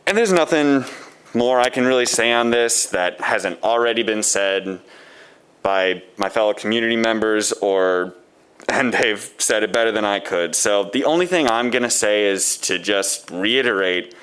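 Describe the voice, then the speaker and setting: A man with a smooth, clear voice addresses a city council during public comment. He is blunt and sarcastic, and his scorn sharpens as he speaks. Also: on the low side, moderate pace, a bit bright.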